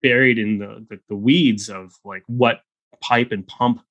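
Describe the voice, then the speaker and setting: A man talking as a guest in a casual interview, an animated storyteller full of quick restarts. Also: medium pitch, no echo, lo-fi sound. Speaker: guest, software founder.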